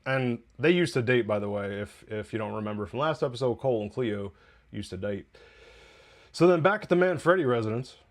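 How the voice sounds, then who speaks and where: A man's voice: medium pitch, expressive, a little fast. A man hosting a TV review podcast, recapping an episode in a loose, chatty way with profane asides and laughs.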